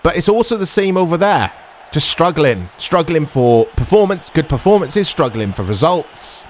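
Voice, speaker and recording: A man in his thirties casually commentating his own football video game, chatty and quick to get excited. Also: a little high, a little hiss or hum. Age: 30s. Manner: chatty, easily excitable, self-deprecating. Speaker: gaming YouTuber.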